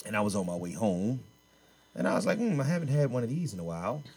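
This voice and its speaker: A man's voice: on the low side, sing-song, fast talker, crowd noise. A man hosting a podcast, chatting casually in loose slang and often repeating himself. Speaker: podcast host. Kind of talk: casual chat.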